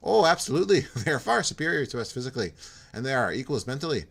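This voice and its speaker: A man's voice: mid-range voice, sing-song, fast, gravelly, voice pushed up. A man voicing a friendly, talkative male computer technician, with a Minnesota accent that drifts into Irish. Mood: friendly, chatty. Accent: Minnesota sliding into Irish. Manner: chatty, eager to explain.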